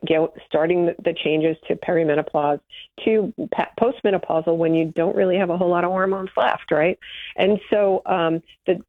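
A woman's voice: lowish voice, no echo. A woman speaking as a guest expert in a casual interview, chatty, often trailing off and restarting. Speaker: supplement company guest expert. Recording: tinny phone-like line.

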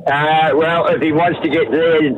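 A man's voice: on the high side, level tone, unhurried, narrow, tinny audio, noisy background. A man calling in to a radio show, talking plainly. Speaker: caller. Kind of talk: phone-in chat.

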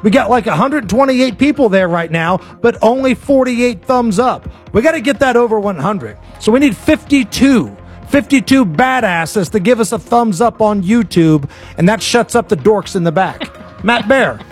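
High-voiced joking radio host man. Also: expressive, faint music behind. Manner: loose, joking, quick asides. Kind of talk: casual talk radio and live ad read. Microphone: studio mic.

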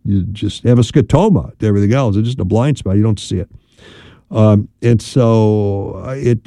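A man's voice: fairly low pitch, dry recording, clean studio sound. Chatty middle-aged male radio host. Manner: chatty, rambling, animated asides. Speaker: radio host and marriage counselor. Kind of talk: casual radio talk.

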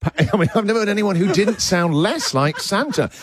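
A man's voice: high-pitched, normal speed, a crowd in the background. A man hosting a radio breakfast show, bantering and joking with callers. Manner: jokey, laughing, lively. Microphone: studio microphone.

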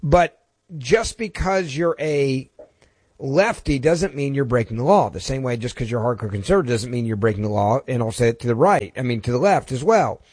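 Emphatic talk radio host. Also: male voice, mid-range voice, expressive, moderate pace, darkish tone, husky, no room sound. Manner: emphatic, repetitive, stammering restarts. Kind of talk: talk radio monologue and caller chat. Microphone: studio mic.

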